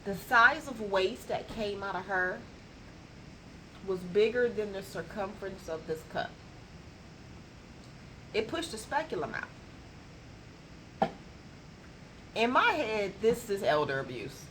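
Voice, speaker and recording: A woman colon hydrotherapist tells a story straight to camera, slowly and deliberately. Her speech is colloquial and emphatic, and her pitch sits at a middling level for a woman. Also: expressive, fairly bright tone, a little hiss or hum, rough recording. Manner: colloquial, emphatic, acts out dialogue in raised voices.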